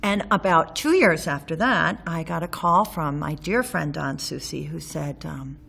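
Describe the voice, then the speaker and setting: A woman with a notably low speaking voice recounts her own story for an interview. She talks candidly, with a wry, sometimes sarcastic edge. Her telling is loose and unscripted, full of ums and small restarts as she remembers. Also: measured pace, vocal fry, a bit bright, breathy edge. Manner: frequent ums and self-restarts while recalling. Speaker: interviewee recalling local history.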